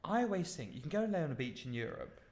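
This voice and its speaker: A man's voice: on the high side, sing-song, rapid-fire, a little mellow. A man co-hosting a podcast in casual chat, reading listener emails aloud and breaking off for asides. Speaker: podcast co-host.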